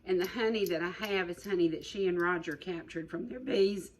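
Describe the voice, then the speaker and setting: A woman's voice: lowish voice, fairly even intonation, a little fast, few pauses, slight background noise, low-quality recording. A middle-aged woman hosting a cooking show, chatty and rambling, repeating her words as she demonstrates. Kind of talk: folksy cooking demonstration chat.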